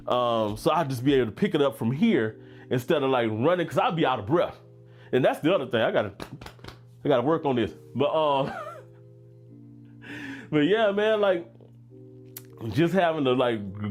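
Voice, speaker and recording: A middle-aged man with a Louisiana drawl, relaxed and talkative, hosting a fragrance livestream at a medium pitch. His voice comes with faint music playing underneath. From Baton Rouge, Louisiana. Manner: laid-back, chatty, reads chat comments aloud with frequent laughs. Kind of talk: casual livestream chat.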